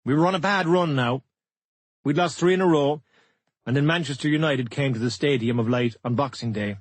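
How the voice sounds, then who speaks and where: A man's voice: mid-range voice, no echo. A man narrating a first-person memoir audiobook in a blunt, matter-of-fact way.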